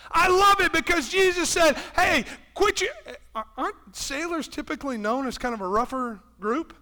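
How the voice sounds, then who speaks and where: A male pastor preaching a sermon with passion, shifting between loud, shouted lines and hushed, quiet ones, and acting out quoted voices as he goes. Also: very high voice, moderate pace. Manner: impassioned, swings from loud preaching to hushed tones. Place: church.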